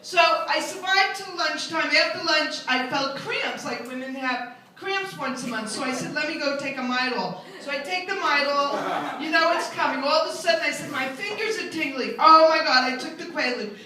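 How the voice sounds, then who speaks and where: Self-mocking older woman comic, high and bright, live stand-up, roomy distant sound. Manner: chatty, self-mocking storyteller who hops into high character voices. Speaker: stand-up comedian. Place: live comedy venue with an audience. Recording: very echoey room, mic at a distance.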